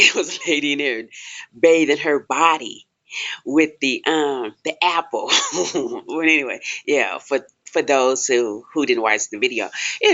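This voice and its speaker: Animated woman telling a story, lo-fi. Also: deep voice. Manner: animated, exclaims and laughs often, acts out voices. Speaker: vlogger. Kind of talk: casual storytelling to viewers. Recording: dull lo-fi home recording.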